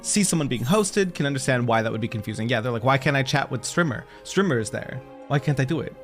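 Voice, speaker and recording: A man streaming a game, chatting casually with his viewers in an excitable, gushing way. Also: fairly high pitch. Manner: excitable, gushing, talks to chat.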